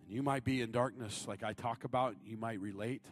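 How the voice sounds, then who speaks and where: A man in his thirties delivers a sermon. His voice climbs into loud, high appeals, then drops low and close for personal stories. Faint music plays underneath. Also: brisk. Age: 30s. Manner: swings from shouted high appeals to low confiding storytelling. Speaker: guest preacher.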